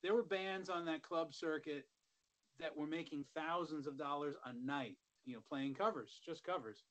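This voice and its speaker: Man telling stories, slightly high voice. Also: normal speed, poor audio. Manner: relaxed, rambling, many "you know" asides. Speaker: guest musician. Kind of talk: casual interview storytelling.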